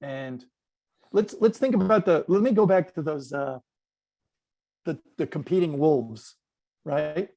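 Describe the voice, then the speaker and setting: A man's voice: fairly high pitch, measured pace, pauses often, dry recording. A man speaking as a guest on a panel, telling an anecdote and drawing lessons from it in a reflective, playful way. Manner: reflective, lively storyteller with playful asides.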